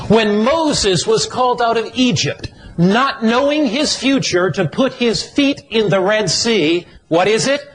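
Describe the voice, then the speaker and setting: A man preaching a sermon in a slow, emphatic, repetitive cadence. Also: high voice, rough recording.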